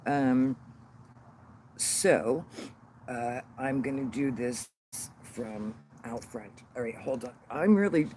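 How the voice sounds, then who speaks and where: A man hosting a casual livestream outdoors on his phone, rambling and halting as he fumbles with the settings. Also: mid-range voice, a little mellow, poor audio. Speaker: channel host on sobriety. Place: outdoors in a sunny yard. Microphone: phone held by the speaker. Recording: outdoor phone stream with road noise.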